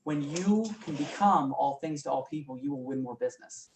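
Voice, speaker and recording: A man teaching a real estate class, energetic and often quizzing his students. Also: a little high, fairly quick, a crowd in the background. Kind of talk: live classroom training talk. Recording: roomy room, mic from far off, faint noise.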